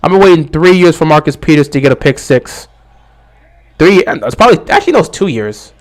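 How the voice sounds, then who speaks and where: A young man casually commenting on a football game during a livestream, answering viewers' questions with animated talk. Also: fairly high pitch, fairly quick. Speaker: livestream host.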